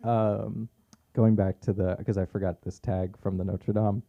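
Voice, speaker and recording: A man doing a stand-up set at an open mic on a comedy club stage, delivering deadpan punchlines and chuckling at his own jokes. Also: lowish voice, a little slow, vocal fry, muffled recording. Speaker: stand-up comic.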